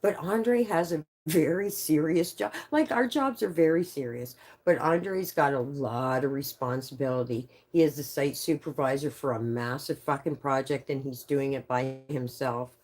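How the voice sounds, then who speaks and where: A woman's voice: rumbling low, normal speed, hardly any pauses, darkish tone. A woman livestreaming, telling casual stories full of swearing and laughing often through her words. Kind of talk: casual storytelling on a live stream.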